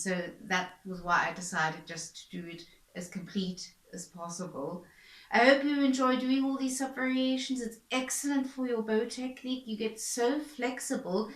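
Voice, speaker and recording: A woman's voice: mid-range voice, a bit bright, roomy sound, poor audio. A woman violin teacher patiently explaining bowing practice, repeating points and encouraging the student. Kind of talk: instructional explanation.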